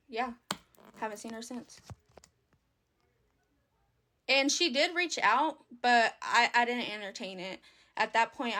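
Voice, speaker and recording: A young woman with a drawl hosts a casual livestream from her phone. Her voice sits a touch high, and her chatty talk is full of fillers and relaxed Southern phrasing as she answers viewers. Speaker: livestream host. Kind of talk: casual live stream chat.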